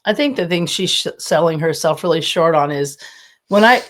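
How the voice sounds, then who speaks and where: Animated storytelling woman in her fifties. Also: low-pitched, moderate pace. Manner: animated storytelling, laughs often. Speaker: guest, former college softball coach. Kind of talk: casual podcast interview.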